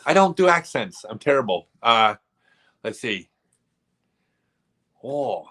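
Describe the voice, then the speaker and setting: A man hosting a casual live stream, telling rambling, animated stories full of asides. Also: mid-range voice, moderate pace.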